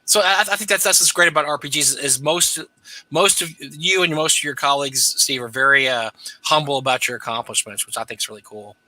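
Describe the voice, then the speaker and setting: A man's voice: on the high side, brisk, pushed and bright, no echo, low-quality recording. A man co-hosting a livestream chat, telling self-deprecating stories. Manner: chatty, self-deprecating, laughs at own stories. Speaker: co-host.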